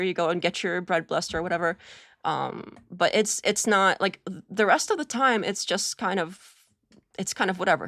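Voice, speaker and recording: A woman from Russia talks casually on a live stream, rambling and hesitant, often stopping to restart her sentences. Her voice is fairly low with a gravelly edge, and the sound is close and dry. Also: a bit bright, no room sound. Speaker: streamer host.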